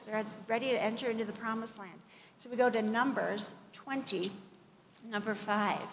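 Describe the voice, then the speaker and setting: A middle-aged woman preaching a sermon in a conversational, animated way, with asides and acted-out quotes. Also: fairly high pitch. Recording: long hall reverb, faint background noise.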